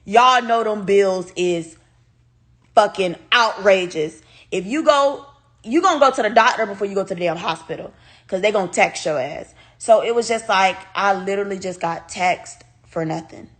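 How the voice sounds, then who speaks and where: A young woman speaking tells a personal story on a livestream. She talks straight to her viewers in a casual, animated way, swearing freely. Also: mid-range voice, normal speed.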